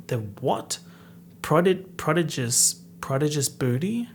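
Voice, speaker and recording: A man in a mid-range voice hosts a casual podcast and picks apart rap lyrics line by line. He reads each lyric aloud, then riffs on it with a playful, animated edge. A faint hum sits under his voice. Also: medium pitch, moderate pace. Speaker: podcast host.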